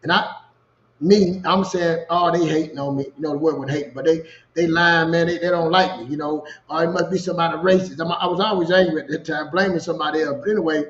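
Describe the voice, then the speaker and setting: A man with a Louisiana accent, a co-host telling a personal story in casual, animated talk. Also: on the high side, quick pace, lo-fi sound. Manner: animated storyteller, repeats "you know what I'm saying". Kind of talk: storytelling chat.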